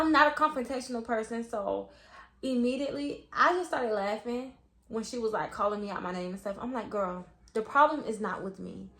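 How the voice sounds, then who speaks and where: Young woman, animated and profane storytime vlogger, slightly high voice, echoey room. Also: moderate pace, gravelly. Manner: animated, profane, acts out quotes. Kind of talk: storytime vlog.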